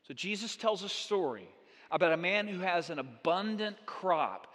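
Animated high-voiced male pastor preaching. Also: moderate pace, in a large hall. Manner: animated, acts out the people in the story. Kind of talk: sermon. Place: church sanctuary.

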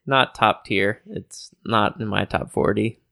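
A man co-hosting a podcast in casual chat, dryly teasing and talking haltingly with many fillers. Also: lowish voice, creaky, bright, forceful tone, no room sound, studio quality. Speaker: podcast co-host.

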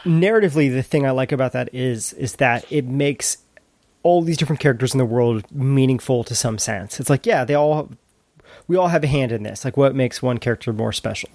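A man co-hosting a casual podcast chat, enthusiastic but halting, restarting his sentences often. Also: medium pitch, a little mellow, no echo. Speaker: podcast co-host.

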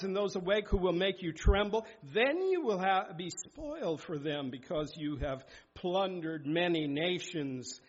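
A man preaching a sermon in a church, exhorting his hearers and reading scripture aloud with emphasis. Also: sits high. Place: church sanctuary. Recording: dull lo-fi sound.

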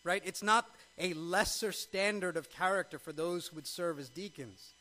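A man's voice: sits high, normal speed, sharp tone, poor audio. A male pastor preaching a sermon, emphatic, with frequent rhetorical questions.

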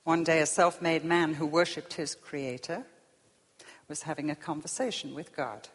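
A woman preaching a sermon, swinging from loud emphasis down to hushed whispers. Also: low voice, moderate pace, breathy edge. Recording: long reverb of a large hall.

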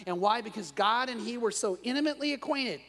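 High-voiced pastor in a reverberant church. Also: male voice, fast talker. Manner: animated storyteller with frequent restarts. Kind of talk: evening sermon. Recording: long reverb of a large room.

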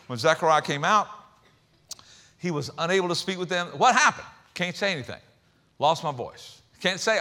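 A man preaching a sermon in a conversational, humorous way, with quick asides and repeated words. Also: a little high, bright, forceful tone, long reverb tail. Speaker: pastor.

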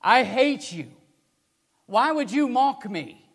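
A man's voice: extremely high pitch, animated, slow, fairly bright tone, slightly rough, voice pushed up, exaggerated voice. A man voicing a tearful, overwhelmed young girl who cries out the same words again and again, heard in a long hall reverb. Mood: bitter. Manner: pleading, repeated cries.

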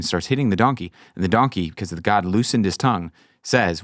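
A man hosting a casual faith podcast, animatedly telling stories and acting out quotes in high voices. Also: fast talker, dry recording, clean studio sound. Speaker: podcast host. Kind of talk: casual chat about faith.

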